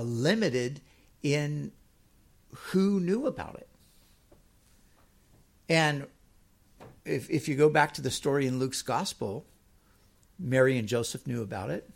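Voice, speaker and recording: A middle-aged man preaching a sermon, reading scripture slowly and emphatically, then explaining it in a chatty way. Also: medium pitch, creaky, slightly rough.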